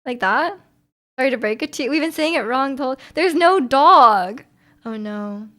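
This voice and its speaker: High-voiced young woman, chatty streamer. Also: animated, normal speed, bright, forceful tone. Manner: chatty, rambling, frequent ums and restarts. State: slightly sore voice. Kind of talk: casual chat reading viewer comments.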